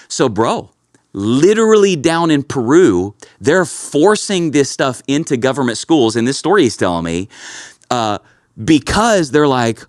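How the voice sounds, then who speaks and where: A man's voice: medium pitch, big pitch swings, normal speed, no room sound, clean studio sound. A man hosting a casual podcast, telling stories with lots of energy and calling his co-host bro and dude. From Kentucky.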